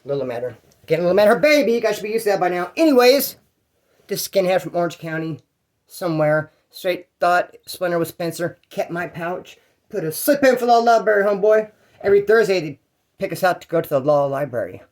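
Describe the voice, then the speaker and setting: A man's voice: high voice, expressive, a little fast. A man from California telling his own prison stories in a rambling, slangy, profane way. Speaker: prison storyteller. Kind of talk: casual storytelling.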